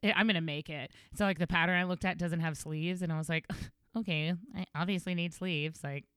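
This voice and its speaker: A woman rambles through stories on a casual podcast, giggling often. Her voice is smooth and slightly low, recorded dry and close to the mic. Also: steady tone, fairly quick, a bit bright, no echo. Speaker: podcast co-host, librarian. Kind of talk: casual chat.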